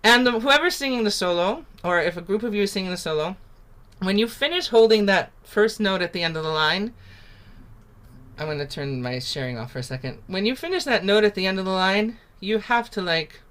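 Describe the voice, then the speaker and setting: A woman runs an online singing workshop, talking through the song in a loose, chatty way. Her voice is bright and clear through a video-call mic, and she often stops to sing short phrases as examples. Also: medium pitch, animated, fairly quick. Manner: demonstrates sung syllables between spoken explanations; chatty and informal, with many fillers. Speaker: singing teacher.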